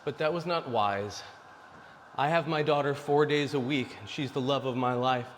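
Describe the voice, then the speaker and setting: A man in his forties, medium-pitched and moderately paced, preaches blunt dating advice to male viewers in a casual talk to camera. A long reverb tail and a little hiss or hum color the recording.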